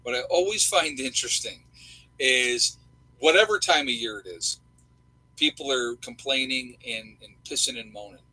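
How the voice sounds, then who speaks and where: Rambling folksy man with husky voice. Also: medium pitch, normal speed, sharp tone, poor audio. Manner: rambling, folksy, many fillers. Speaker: livestream host. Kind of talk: casual livestream chat.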